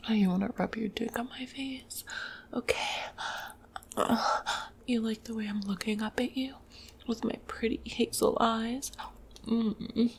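A woman voicing a needy, teasing female succubus in a whispered role-play, with a breathy, coaxing whisper and soft moans. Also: a little high, steady tone, unhurried, pauses often, slight background noise. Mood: sultry.

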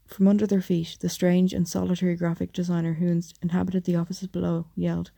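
A woman narrates an audiobook at a measured, steady pace. Her low voice is very dark and gravelly, delivered flat and even.

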